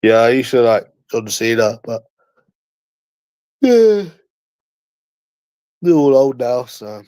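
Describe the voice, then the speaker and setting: A man's voice: mid-range voice, sing-song, takes it slowly, mellow, clear, resonant tone, dry recording. A man with a London accent in casual chat, teasing and slangy, repeating himself often. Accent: London English.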